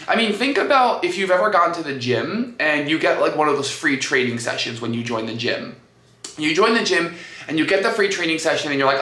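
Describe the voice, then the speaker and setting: A man hosting a coaching podcast, talking in an energetic, conversational way. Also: on the high side, brisk. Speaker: business coach and podcast host. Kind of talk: podcast monologue. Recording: echoey room.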